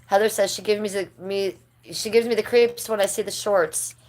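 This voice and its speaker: A woman's voice: medium pitch, fairly even intonation, moderate pace, darkish tone. A middle-aged woman talks to her livestream viewers in a loose, rambling way. She gossips about people she knows and laughs often as she reads the chat. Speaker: livestream host.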